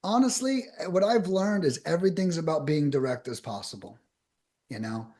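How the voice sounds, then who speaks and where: A man on a podcast as a guest, giving blunt, emphatic advice in fast bursts with casual swearing. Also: a little high, lively intonation, mellow.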